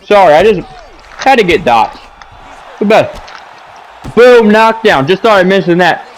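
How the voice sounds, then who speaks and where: Casual male gamer commentator, high lively voice, rants and repeats himself. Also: unhurried, poor audio. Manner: animated, ranting, repeats himself, says boom a lot. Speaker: gaming commentator. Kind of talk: casual commentary over gameplay footage. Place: home gaming setup, seated.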